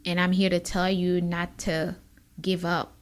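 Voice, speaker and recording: A woman's voice: fairly low pitch, level tone, a little slow. A woman attorney hosting her own show, giving an earnest personal testimony and sometimes close to tears. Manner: emotional, near tears at times; earnest, encouraging. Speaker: podcast host, immigration attorney.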